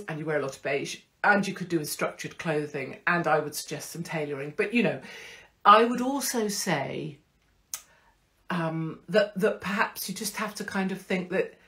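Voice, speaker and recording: Casting: middle-aged woman, low voice, blunt, profane, rambling chat host. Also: fairly bright tone. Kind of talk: casual live-stream chat.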